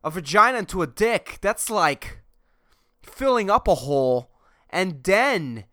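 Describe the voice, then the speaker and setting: His voice is high-pitched, sing-song and sharp, moving a little slowly as this podcast host rants solo with profane, rambling comedy. He works himself into exasperation, chuckles at his own jokes, and keeps restarting what he's saying.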